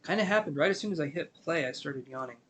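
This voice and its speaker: Male tarot streamer, a touch high-pitched, sleepy, gentle, wandering delivery. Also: animated, fast, a little hiss or hum. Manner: gentle, meandering, filler-heavy. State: sleepy, yawning. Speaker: tarot reader. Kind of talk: live-stream tarot reading.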